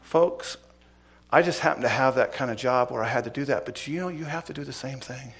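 Middle-aged male preacher, former cop, dramatic storyteller with loud-to-hushed delivery. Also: mid-range voice, a little fast, slightly rough. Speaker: preacher, former police officer. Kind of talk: sermon with personal story.

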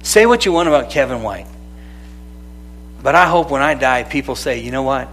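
A man preaching a sermon, lively and conversational, calling out to people in the room by name. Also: mid-range voice, moderate pace, a little hiss or hum. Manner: animated, calls out to people by name. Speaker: pastor.

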